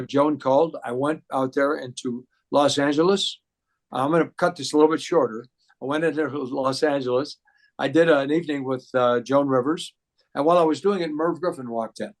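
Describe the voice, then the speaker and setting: A man, a singer and impressionist, telling stories in a casual interview with many fillers and restarts. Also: a little high.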